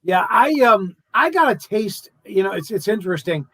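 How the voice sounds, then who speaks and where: A man hosting a casual chat show, talking in an animated, chatty way about his own experiences. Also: high-pitched, moderate pace, crowd noise, poor audio. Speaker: host.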